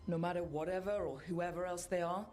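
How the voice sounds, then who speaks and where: A woman's voice: lowish voice, steady tone, brisk, over music, natural voice. A woman voicing a wary, blunt female warrior companion in a video game, speaking in terse commands. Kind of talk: game dialogue.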